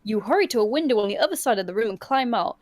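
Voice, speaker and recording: A woman hosting a livestream, reading a choose-your-own-adventure book aloud in an animated way and often laughing. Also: on the high side, very fast. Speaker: storyteller and host.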